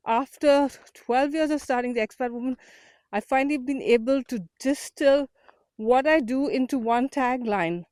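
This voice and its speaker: A woman's voice: high-pitched, a little mellow, no echo. A woman from India hosting an unedited walk-and-talk vlog outdoors, earnest and motivational, a little out of breath from walking uphill. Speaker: community founder and host. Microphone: small portable mic.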